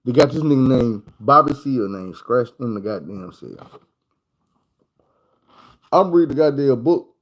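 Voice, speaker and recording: Arkansas man with a Southern drawl, riffing casually and crudely, lively swinging pitch. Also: unhurried, long pauses, low-quality recording. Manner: loose, profane, repetitive storytelling. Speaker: vlogger. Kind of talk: casual storytelling monologue.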